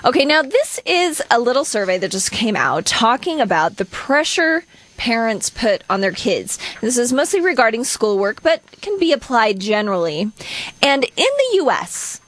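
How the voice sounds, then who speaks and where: A woman's voice: a little high, sing-song, normal speed, fairly bright tone, dry recording. A middle-aged woman co-hosting a radio talk show, chatting casually, laughing lightly and reading out listener texts. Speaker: radio co-host.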